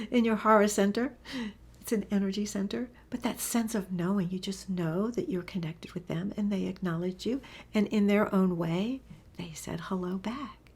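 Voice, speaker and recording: Her voice is medium in pitch with a darkish tone as she gives a casual, story-filled lesson on animal communication. She sounds enthusiastic, and her speech often softens into a breathy whisper.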